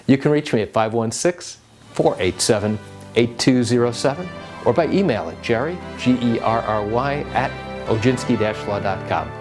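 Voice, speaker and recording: A man's voice: medium pitch, animated, normal speed, over music. A man who is an attorney, explaining a legal topic straight to the camera in an emphatic way, full of rhetorical questions. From New York.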